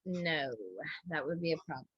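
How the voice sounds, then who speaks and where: A woman co-hosting a casual chat, chatty and quick to laugh along. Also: low-pitched, steady tone, breathy edge, dry recording, lo-fi sound. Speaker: co-host.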